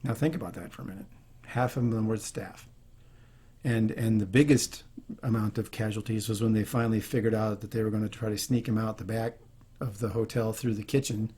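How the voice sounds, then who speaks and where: A man hosting a leadership video speaks earnestly and off the cuff to the camera, restarting his sentences often and sounding choked up. His voice sits on the low side, mellow and husky, with a steady tone and a quick pace.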